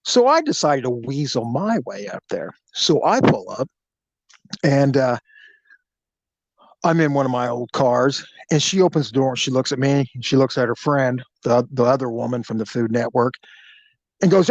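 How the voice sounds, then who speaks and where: A man's voice: medium pitch, moderate pace, dry recording, rough recording. A man who was a police detective, telling stories casually and acting out the voices of the people he quotes. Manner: animated, acts out quoted voices. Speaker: storyteller, former police detective. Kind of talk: casual spoken storytelling.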